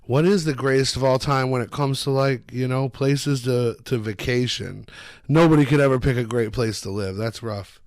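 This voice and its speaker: A man's voice: mid-range voice, normal speed, a little mellow, dry recording. A man co-hosting a casual podcast in an easygoing, agreeable way, steering the talk to new topics. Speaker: podcast co-host.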